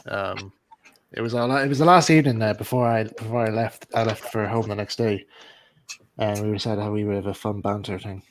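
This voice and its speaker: A man's voice: on the low side, fairly quick, slight background noise. A man hosting a live modelling stream, chatting casually with a lot of laughter and rambling banter. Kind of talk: casual chat.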